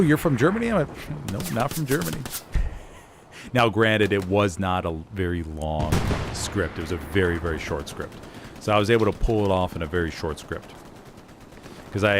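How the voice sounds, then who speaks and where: A man's voice: on the low side, noisy background. A man streaming a shooter game, chatting in a rambling, easygoing way and laughing at himself. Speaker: streamer and voice actor. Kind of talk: casual chat while streaming a shooter game. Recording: loud game gunfire and artillery behind.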